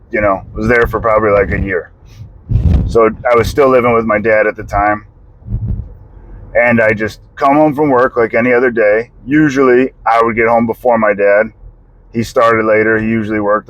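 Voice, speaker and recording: A man's voice: mid-range voice, fairly bright tone, slight background noise, poor audio. A man from the United States telling a personal story in a casual, rambling way, full of "like", swearing and short laughs. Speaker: vlogger telling a family story.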